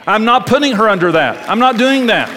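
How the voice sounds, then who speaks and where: Impassioned preacher in a reverberant hall. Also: male voice, high voice, expressive, fairly quick, bright, forceful tone, slight background noise. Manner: impassioned and repetitive, with rhythmic emphatic phrasing. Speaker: pastor. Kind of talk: sermon. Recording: long reverb of a large hall.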